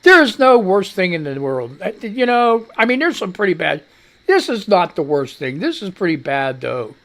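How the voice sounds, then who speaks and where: In a voice that sits high, at normal speed, a radio host runs a live talk show. He wanders through casual chatter and news headlines, offering blunt commentary, and he's animated, swears freely, and addresses his cat.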